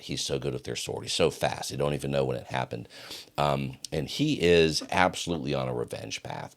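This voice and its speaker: Man, extremely low voice, enthusiastic podcast host, rambling casual talk. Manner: enthusiastic, rambling with fillers and restarts.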